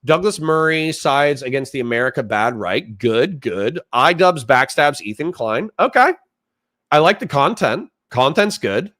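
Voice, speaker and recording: A man hosting a livestream, talking off the cuff in a heated, animated rant. His pitch jumps around a lot as he reacts. He is recorded close on a streaming mic. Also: unhurried. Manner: animated, ranting, reads chat aloud. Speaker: streamer host. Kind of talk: casual livestream commentary.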